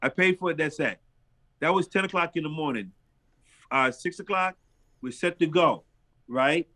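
Lively storytelling pastor, a man with a higher voice. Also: normal speed. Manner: lively storyteller who acts out dialogue with big jumps in pitch. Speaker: pastor and street minister. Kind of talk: animated storytelling in an interview.

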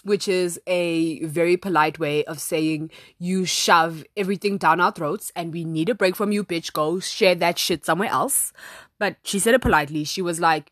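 Young woman rambling on her podcast, lowish voice, dry close sound, super chatty and dramatic. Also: normal speed, no echo. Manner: chatty, dramatic, lots of "like" fillers. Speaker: podcast host. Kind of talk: casual solo podcast chat. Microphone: phone app recording.

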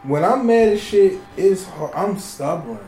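A man's voice: sits high, expressive, unhurried. A man chatting casually and emphatically, often repeating himself. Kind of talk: casual chat. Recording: roomy sound with faint music.

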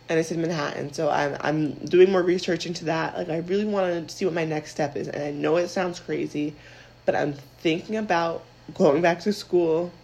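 A young woman with a creaky, gravelly voice hosts a casual solo podcast. She talks frankly and loosely, with lots of filler words and swearing. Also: on the low side, low-quality recording. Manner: candid, chatty, swears freely, says "like" a lot. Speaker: podcast host.

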